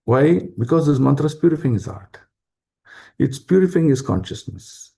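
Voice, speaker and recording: A man's voice: fairly high pitch, big pitch swings, normal speed, creaky, warm tone, breathy edge. A man giving an informal scripture class, explaining step by step with rhetorical questions and many fillers. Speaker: spiritual class speaker.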